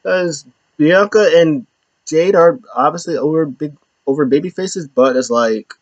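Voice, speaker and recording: A man's voice: a little high, a little slow, no room sound. A man hosting a casual wrestling recap, talking loosely and rambling with lots of fillers. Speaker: show host. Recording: slightly dull lo-fi, dry.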